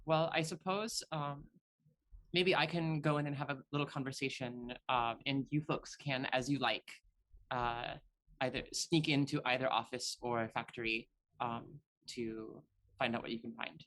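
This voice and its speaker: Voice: medium pitch, fairly even intonation, moderate pace, a bit bright. Hesitant player full of fillers. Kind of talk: tabletop game play.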